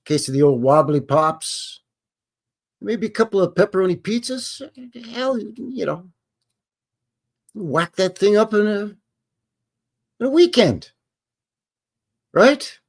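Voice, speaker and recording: A Canadian man talks off the cuff on a live stream, rambling and joking in folksy slang. His pitch swings up and down freely and keeps the talk animated. The feel is loose and unscripted. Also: slow pace, pauses often. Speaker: host. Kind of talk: casual live-stream chat.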